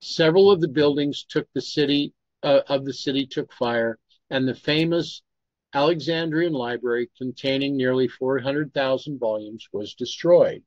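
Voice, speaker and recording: A man's voice: mid-range voice, normal speed, no echo. Man reading history aloud, dry lo-fi. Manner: steady reading, stops to comment on pronunciation. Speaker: Bible study reader.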